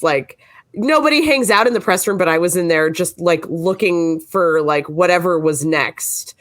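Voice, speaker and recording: A woman on a podcast, eagerly telling a story and filling her talk with "like". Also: mid-range voice. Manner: excitable, gushing, many "like"s. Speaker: team member.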